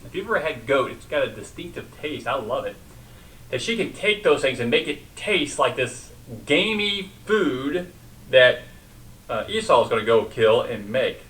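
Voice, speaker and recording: A man's voice: medium pitch, expressive, normal speed, fairly bright tone, distant mic, rough recording. A man teaching a sermon in a conversational way, asking the congregation questions and retelling scripture. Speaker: pastor.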